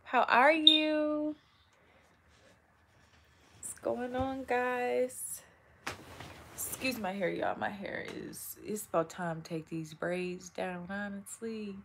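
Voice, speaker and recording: A young woman hosting a casual live stream, chatting warmly with viewers, greeting them by name and saying "y'all", a little tired from long work weeks. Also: mid-range voice, steady tone, takes it slowly, long pauses, background noise.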